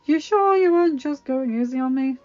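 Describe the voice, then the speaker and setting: A woman reader voicing an earnest, caring young man who speaks with an emphatic, rising pitch. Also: lively intonation, brisk, darkish tone, soft background music. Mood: teasing. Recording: dull lo-fi recording.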